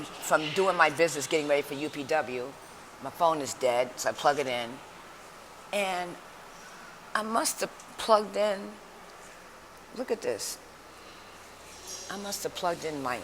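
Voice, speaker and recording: Chatty woman vlogging over background noise. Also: sits low. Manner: lively, chatty storytelling. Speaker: motivational speaker. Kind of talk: casual vlog talk. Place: indoors at a women's shelter. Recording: noisy background.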